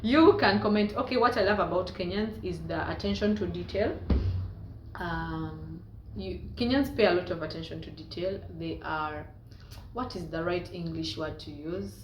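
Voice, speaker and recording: A woman's voice: lowish voice, moderate pace. A Ugandan woman with a Ugandan accent, chatting playfully to camera as a vlogger and laughing often. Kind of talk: casual commentary to camera. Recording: echoey room with faint ambient noise.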